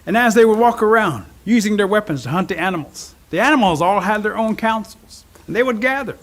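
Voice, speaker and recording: Male storyteller, high voice, animated oral telling of a folk tale. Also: brisk. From Cherokee Nation. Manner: animated, expressive.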